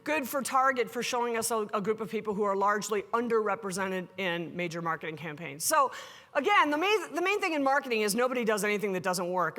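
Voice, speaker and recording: A woman giving a conference keynote, animated and joking, acting out the people she quotes. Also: on the high side. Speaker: keynote speaker. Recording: echoey hall with long reverb.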